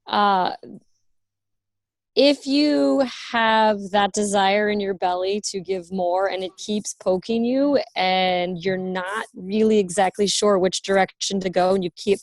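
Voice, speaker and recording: A woman's voice: medium pitch, fairly even intonation, unhurried, dry recording. A woman coaching client giving a teary, gushing testimonial on a group video call. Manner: gushing, emphatic. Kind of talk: heartfelt spoken testimonial.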